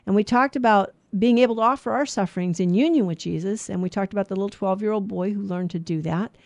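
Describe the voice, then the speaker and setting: A woman co-hosting a Bible radio show, teaching in an earnest manner and listing virtues and sins in a steady, measured cadence. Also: medium pitch, gravelly, dry recording.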